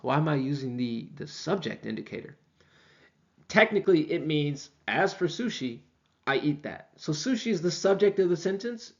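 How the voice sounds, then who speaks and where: A man teaching a language class, casually explaining and slowing down to repeat example phrases. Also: medium pitch, dull audio.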